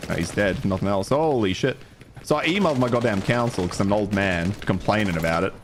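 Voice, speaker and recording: A man's voice: a little fast, noisy background. A man with an Australian accent ranting profanely and in exasperation while commentating his gameplay on stream. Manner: profane, exasperated ranting, voice jumping high when worked up. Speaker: gaming streamer.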